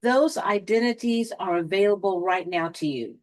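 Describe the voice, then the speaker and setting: A woman giving a spiritual motivational talk, speaking deliberately with dramatic pauses and a touch of sarcasm. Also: mid-range voice, darkish tone. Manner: lightly sarcastic.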